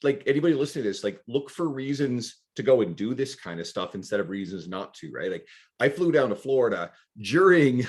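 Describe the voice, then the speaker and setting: A man hosting a podcast, chatting casually and quickly, with offhand swearing. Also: medium pitch. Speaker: podcast host.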